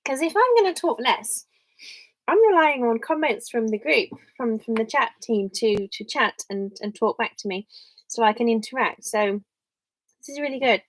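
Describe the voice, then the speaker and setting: A woman's voice: a little high, lively intonation, moderate pace, dry recording, low-quality recording. A young English woman chatting casually on a live stream from her home office, rambling and thinking aloud as she reads viewer comments.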